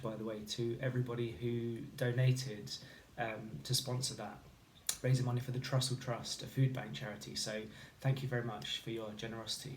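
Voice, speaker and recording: A man teaching a phonics lesson to children, speaking clearly and encouragingly and sounding out letters slowly. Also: mid-range voice, a little mellow, echoey room, a little hiss or hum. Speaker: primary school teacher.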